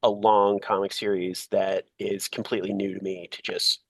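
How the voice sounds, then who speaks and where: A man's voice: on the low side, level tone, normal speed, creaky, dry recording. A man co-hosting a comics podcast, talking in a rambling casual way with many fillers and restarts. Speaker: podcast co-host.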